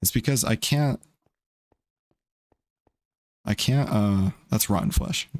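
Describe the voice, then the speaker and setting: Chill young guy streaming a game, rambly, kinda low voice, dry sound. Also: slow pace, no room sound. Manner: rambling, laid-back, offhand. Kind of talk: casual gaming stream chat.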